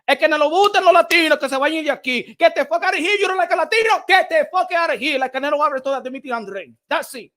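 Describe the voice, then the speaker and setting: A man's voice: very high voice, rapid-fire, few pauses, sharp tone. A man hosting a boxing channel, giving a fiery livestream rant that switches between Spanish and English and repeats phrases for emphasis.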